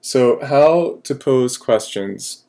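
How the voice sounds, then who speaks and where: A man teaching a recorded French lesson, slow and patient with many fillers, repeating each French phrase. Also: mid-range voice, lively intonation, mellow.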